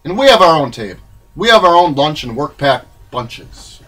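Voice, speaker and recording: A man reading his own memoir in a rambling, wry, irreverent way, swinging between loud bursts and low mutters. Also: sing-song, normal speed, rough recording. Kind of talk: spoken-word memoir reading.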